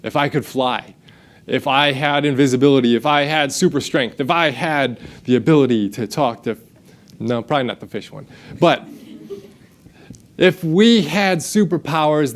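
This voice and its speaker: A man's voice: mid-range voice, normal speed. A man, preaching a sermon and telling a self-deprecating story that he acts out in quotes. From United States. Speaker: pastor. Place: church sanctuary.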